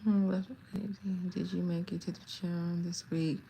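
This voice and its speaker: A woman from California hosting a livestream, chatting casually and directly with her viewers, animated and laughing often. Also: fairly low pitch, moderate pace, creaky, a little hiss or hum. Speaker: livestream host. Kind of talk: casual live chat with viewers.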